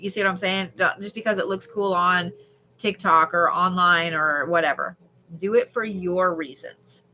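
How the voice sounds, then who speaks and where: Bright-voiced woman reading cards. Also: medium pitch, slight background noise. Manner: chatty and candid, swears casually, drawls slowly at times. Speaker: tarot card reader on a livestream. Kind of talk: live card reading, casual chat with viewers.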